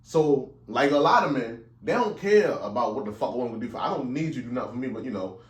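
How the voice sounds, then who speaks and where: A man co-hosting a podcast in loud, profane casual chat, laughing often. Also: medium pitch, lively intonation, quick pace, echoey room. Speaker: podcast co-host.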